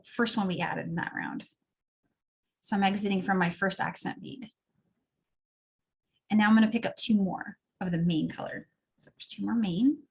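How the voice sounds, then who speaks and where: A woman instructor walks through a beadwork project one step at a time, chatting as her hands work. Her voice is slightly husky and sits at an ordinary middle pitch. She sounds easygoing and explains as she goes. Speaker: craft instructor. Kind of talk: step-by-step craft tutorial.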